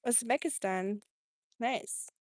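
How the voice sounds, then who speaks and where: A woman's voice: fairly high pitch, takes it slowly. Chatty German-accented woman streaming live. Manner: chatty, reads and answers viewer comments, laughs often. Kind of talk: casual live-stream chat. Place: home in Tennessee.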